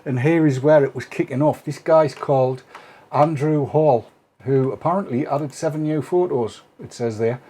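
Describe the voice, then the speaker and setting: A man's voice: a little high, normal speed, mellow. A man hosting a casual live stream, chatty and teasing as he brings in his guests. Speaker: host.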